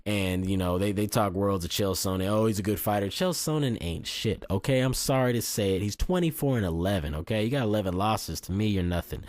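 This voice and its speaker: A man with a very low voice delivers casual fight predictions, blunt and boastful, tripping over his own restarts as he goes. The sound is close and dry, with no room around it. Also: fairly quick, few pauses, a little mellow, no echo. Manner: blunt, boastful and cocky, with frequent restarts and mild swearing. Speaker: fight commentator and video host.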